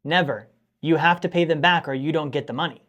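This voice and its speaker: Male host, slightly high voice, lecturing viewers on money, emphatic and scolding. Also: fairly quick, fairly bright tone. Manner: emphatic, scolding, repeats points for stress. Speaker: finance show host. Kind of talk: direct-to-camera teaching monologue.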